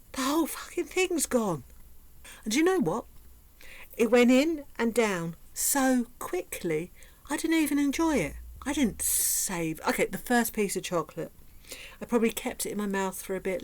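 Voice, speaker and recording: A woman delivers vlog commentary with a dry, sarcastic edge. Her voice sits at a middling pitch, and she drops into mocking whispers for effect. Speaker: vlogger.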